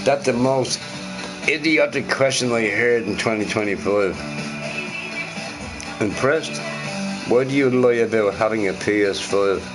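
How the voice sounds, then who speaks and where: A man's voice: mid-range voice, a little slow, long pauses, over music. A young man ranting loosely to his live chat, swearing and repeating himself. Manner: animated, sweary, repeats phrases. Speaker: live streamer answering chat.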